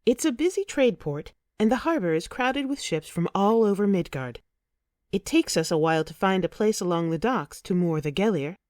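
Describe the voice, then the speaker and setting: A woman narrating an audiobook in the first person with expressive, emotive storytelling. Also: medium pitch, normal speed, no echo, studio quality.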